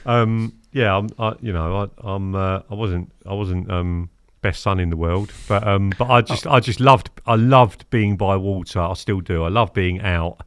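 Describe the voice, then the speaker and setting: A man in his fifties, telling stories as a podcast guest in a lively, chatty way, acting out what people said. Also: deep voice, moderate pace, hardly any pauses, clear, resonant tone, dry recording, studio quality. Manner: animated, acts out quotes, keeps asking "do you know what I mean?". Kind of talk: casual storytelling interview.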